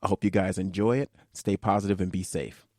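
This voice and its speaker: A man's voice: low voice, brisk, dry recording, clean studio sound. Congested nasal man hosting a podcast. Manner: relaxed, loose sign-off talk with fillers. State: congested, under the weather. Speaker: podcast host. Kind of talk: casual podcast chat.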